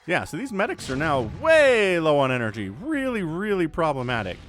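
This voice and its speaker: A man casting a real-time strategy match solo, with an excitable, jokey delivery. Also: on the high side, normal speed, soft background music. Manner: animated, excitable, jokey asides. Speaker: esports caster. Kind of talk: solo game commentary.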